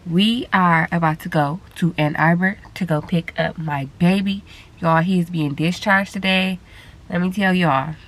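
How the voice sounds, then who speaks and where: A woman's voice: on the low side, unhurried. A woman vlogging a casual update to her viewers as a mother, chatty and talking straight to camera.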